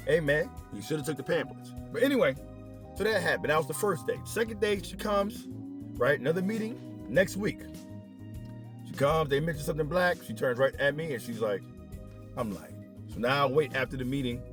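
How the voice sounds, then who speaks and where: A middle-aged man telling a comedic story in a casual monologue, jumping into squeaky high voices whenever he quotes someone. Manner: animated, jumps into squeaky high voices when quoting.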